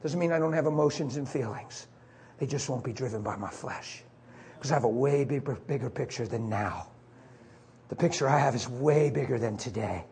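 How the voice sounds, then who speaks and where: A middle-aged man preaching a sermon as a story, acting out the voices and swinging from soft whispers to high cries. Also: moderate pace, slight background noise.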